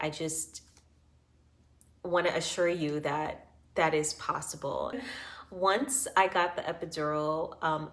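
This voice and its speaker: A woman in her thirties telling her personal birth story to camera, in an earnest, reassuring way, full of fillers and close to tears. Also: low-pitched.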